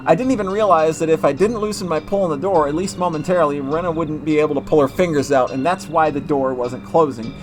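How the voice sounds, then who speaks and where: A man's voice: fairly high pitch, over music. Man narrating a horror visual novel. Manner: measured first-person narration with occasional restarts. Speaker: reader. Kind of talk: reading a visual novel aloud.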